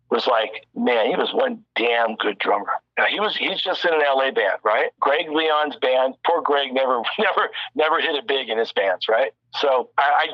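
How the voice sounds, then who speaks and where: A man's voice: medium pitch, no echo. Man, recording engineer, rambling anecdote, casual cursing, muffled lo-fi audio, dry close sound. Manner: rambling, animated anecdote-telling with frequent restarts and profanity. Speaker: recording engineer and producer, guest. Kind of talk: casual storytelling interview.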